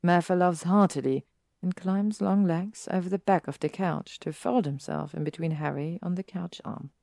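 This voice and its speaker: Low, gravelly woman reading a story. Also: normal speed, dark tone, no echo, clean studio sound. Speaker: story reader. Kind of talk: reading fan fiction aloud.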